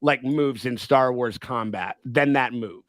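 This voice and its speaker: A man hosting a casual livestream chat, excitable and rambling, with many restarts and swearing. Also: mid-range voice, unhurried, no echo. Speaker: livestream host.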